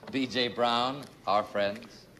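A man hosting a game show, brisk and jovial, often breaking into laughter, keeping score and calling turns. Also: medium pitch, steady tone. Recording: 1960s TV broadcast with hiss and studio audience.

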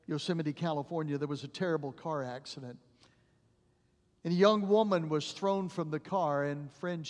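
A male pastor preaching a sermon, telling stories dramatically and dropping to a hush at the ends of phrases. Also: a little high. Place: church sanctuary. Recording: long church reverb.

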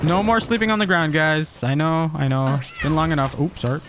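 A man streaming a game, reacting with excited, jokey commentary and frequent laughs. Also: on the high side, a little fast, noisy background. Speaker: gaming streamer.

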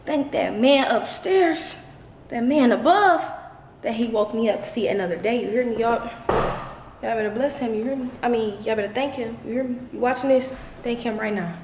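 A chatty, excitable young woman from Detroit giving a casual vlog tour of her new apartment, talking straight to her viewers and swearing freely. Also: a little high, normal speed, echoey room, a little hiss or hum. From Detroit, USA. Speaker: vlogger. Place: new, mostly empty apartment indoors.

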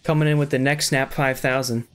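A man's voice: mid-range voice, level tone, fairly quick, slight background noise. A man streaming, giving casual reaction commentary with frequent exclamations and laughter.

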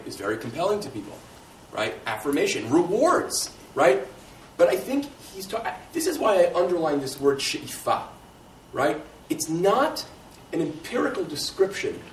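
A man giving a lecture and answering audience questions, thinking aloud in a conversational way and often checking in with "right?". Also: a little high. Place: lecture room. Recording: echoey room, distant mic, faint hiss.

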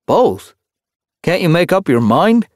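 A well-fed male house cat, cheerful and a touch smug, speaking in a raised, lively voice, put on by a male narrator. His talk bounces around, recorded close and dry. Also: on the high side, normal speed, no echo, voice pushed up.

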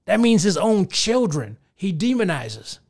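A man in his thirties with a notably high voice, ranting on his podcast. He talks loosely and profanely, with animated swings, and keeps addressing his listeners directly. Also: a little slow. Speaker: podcast host. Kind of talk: casual ranting commentary.

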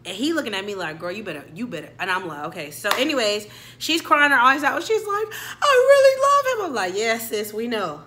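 A woman's voice: medium pitch, animated, fast, sharp tone, a little hiss or hum. A young adult woman, telling a dramatic story and acting out every character. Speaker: storyteller vlogger. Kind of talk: storytime vlog.

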